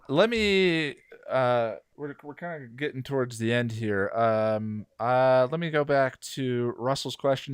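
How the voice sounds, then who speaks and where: A man hosting a casual panel discussion, animated and halting, with frequent restarts. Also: mid-range voice, clean tone, dry recording. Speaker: podcast host.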